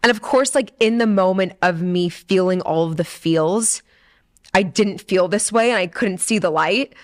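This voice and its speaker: Young female podcast host, lowish voice, candid and emotional, lots of fillers. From San Diego, USA. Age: 20s. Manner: emotional, chatty, full of "like" and swearing. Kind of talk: candid personal storytelling. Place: studio.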